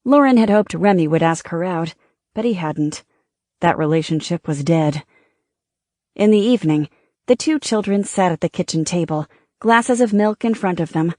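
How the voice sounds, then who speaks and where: With no echo and clean studio quality, a woman whose voice sits on the low side narrates an audiobook in a calm, measured way.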